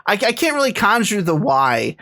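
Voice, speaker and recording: A man's voice: high voice, big pitch swings, moderate pace, sharp tone. A man co-hosting a casual podcast, rambling enthusiastically with lots of restarts. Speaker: podcast co-host. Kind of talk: casual chat.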